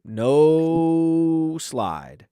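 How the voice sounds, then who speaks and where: A man talking as a guest on a casual fantasy football podcast, quick and opinionated, stuttering as he starts his points. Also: fairly high pitch, very animated, warm tone, clean tone, no echo, clean studio sound.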